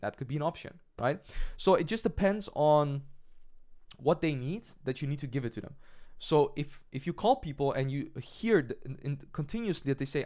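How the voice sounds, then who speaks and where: A man's voice: mid-range voice, expressive, fairly quick, darkish tone. A young adult man teaching cold-calling as a sales coach, direct in manner, often checking in with "right?" and acting out sample calls. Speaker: agency coach. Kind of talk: sales training lesson.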